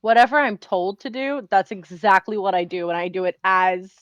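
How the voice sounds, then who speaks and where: A woman's voice: mid-range voice, normal speed, a bit bright, dry recording, dull audio. A woman playing a tabletop game, casually describing her character with lots of fillers. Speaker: player.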